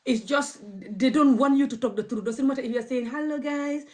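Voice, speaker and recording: A woman with a fairly high, darkish voice talks fairly quickly. She's an activist vlogger, not a native English speaker, delivering an impassioned rant to camera in which she stubbornly and bluntly repeats her points again and again.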